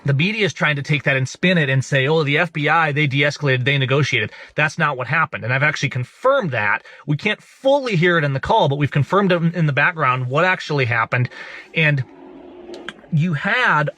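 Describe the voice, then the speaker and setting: A man's voice: on the high side, lively intonation, moderate pace, pushed and bright. A man hosting an online show, giving emphatic, indignant political commentary to his viewers.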